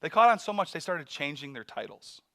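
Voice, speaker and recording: A man telling a mission story in a sermon, animated, acting out voices and laughing often. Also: fairly high pitch, fairly quick.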